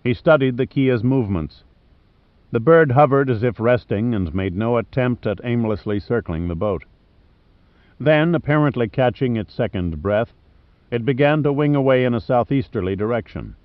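Speaking in a mid-range voice, a male audiobook narrator delivers scripted narration of an adventure novel in a measured, even storytelling style. It was recorded dry in a studio and sounds slightly muffled.

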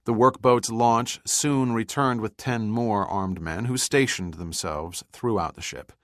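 An American man reads a thriller aloud, his voice very low and steady. The recording is close and dry, with no room sound. He voices the characters in between. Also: no room sound. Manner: measured, even reading with voiced characters. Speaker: audiobook narrator. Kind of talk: scripted thriller narration.

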